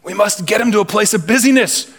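A man plays a plotting demon in a sermon's story, his voice climbing higher and tighter as he insists on keeping his victim busy. He sounds urgent and conspiratorial. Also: fast, a bit bright. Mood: scheming. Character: scheming male demon plotting against a soul.

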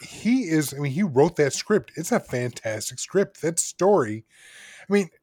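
A man's voice: a little high, big pitch swings, unhurried, a little mellow, slightly rough, no room sound, studio quality. A man co-hosting a casual podcast, chatting agreeably and reacting. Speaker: podcast co-host.

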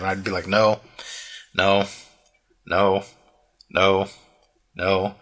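A man in his thirties chats casually with a bright, forward tone. He rambles through a story, full of "like" and restarts, slipping into quick impressions of the people he met. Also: mid-range voice, animated. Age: 30s. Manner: rambling storyteller, many fillers and restarts, acts out quotes. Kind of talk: casual chat.

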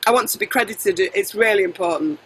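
A middle-aged woman singer being interviewed, chatty and animated, jumping between tangents and correcting herself. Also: mid-range voice, fairly quick, slight background noise, rough recording. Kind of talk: casual interview chat.

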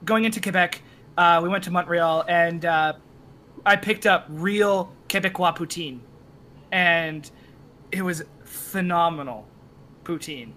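A Canadian man with a high, bright voice tells stories on a podcast, swearing freely and acting out every quote with gusto. There's a faint hum of noise under the recording. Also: measured pace. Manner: animated storyteller, swears freely, acts out quotes. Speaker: podcast guest. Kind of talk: casual storytelling.

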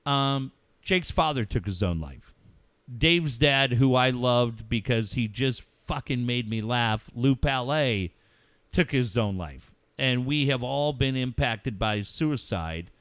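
A middle-aged man hosting a radio talk show, speaking about a personal loss in a heartfelt, halting way and swearing freely. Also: medium pitch, lively intonation, fairly bright tone, clear, resonant tone, no echo. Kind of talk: emotional casual talk.

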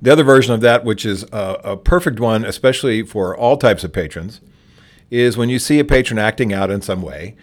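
A man giving a conversational training talk on calming difficult patrons, plainspoken, often restarting phrases and acting out sample dialogue. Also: lowish voice, fairly quick.

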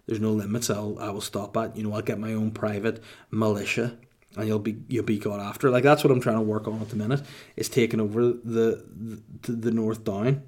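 A man in his thirties with a Northern Irish accent, answering listener questions in casual chat with mock-boastful, deadpan jokes. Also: on the low side, fairly quick.

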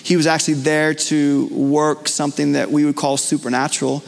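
A man's voice: on the high side, little pitch movement, moderate pace, gravelly. A male pastor preaching a live sermon in a church, earnest and conversational with frequent fillers and restarts. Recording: long church hall reverb.

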